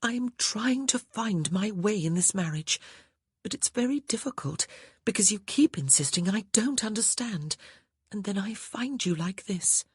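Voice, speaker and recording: An earnest young bride pleads and insists in a lifted, slightly husky voice, as a man puts her on. Her words often sink to a breathy hush in a dry, close audiobook recording. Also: high voice, lively intonation, unhurried, dry recording, voice pushed up, full character voice. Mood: pleading. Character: determined young noblewoman bride. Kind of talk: audiobook character voice.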